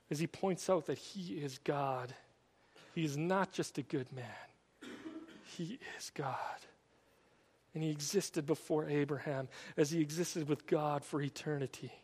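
A man preaching a sermon, retelling stories in an animated, storytelling way with many repeated "and"s. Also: high voice. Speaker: pastor. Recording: long hall reverb.

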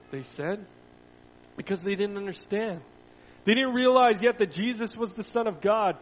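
A man, a pastor, reading a children's Bible story to a church, swelling loud then dropping to a hush. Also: sits high, expressive, normal speed, slight background noise. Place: church sanctuary. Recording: long reverb of a church hall.

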